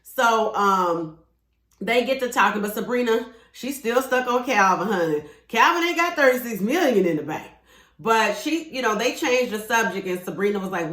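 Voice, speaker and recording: A woman's voice: a little high, expressive, normal speed, fairly bright tone, roomy sound. A woman giving a chatty, casual recap of a TV episode, with sassy asides to her viewers. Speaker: TV show reviewer.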